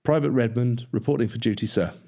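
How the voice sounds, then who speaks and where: A man's voice: medium pitch, a little fast, mellow, pitched above the performer's own voice, close to an everyday voice. A man voicing a young army cadet who answers politely while holding back his anger. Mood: restrained. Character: proud young male army cadet, mixed race.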